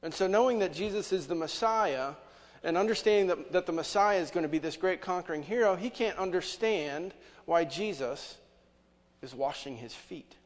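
Preacher with a slightly high voice in a reverberant hall. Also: male voice, moderate pace. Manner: conversational preaching with rhetorical questions. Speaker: pastor. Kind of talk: sermon.

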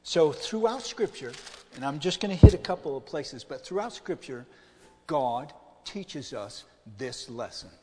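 A man's voice: a little high, expressive, a little slow, a little mellow, in a large hall. A middle-aged male pastor preaching a conversational sermon, often asking the congregation questions.

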